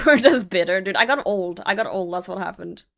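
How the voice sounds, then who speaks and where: A woman talks to her livestream viewers in a loose, rambling way as she plays. She drifts into rants and swears offhand, and her pitch sits in the middle of the range. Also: animated, gravelly, a bit bright. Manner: chatty, rambling, quick to rant and swear. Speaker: livestream host. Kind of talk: casual chat with viewers while gaming.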